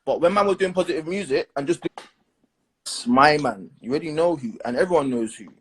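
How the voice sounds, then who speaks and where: A young man hosting a casual chat, giving blunt, animated opinions packed with slang. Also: on the high side, fairly quick, breathy edge. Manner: blunt, animated, leans on slang and "do you understand".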